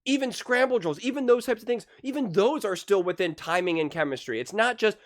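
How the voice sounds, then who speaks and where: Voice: mid-range voice, lively intonation, a little fast, hardly any pauses. Heated, emphatic sports commentator. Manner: emphatic, heated, repeats key phrases. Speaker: sports commentary channel host.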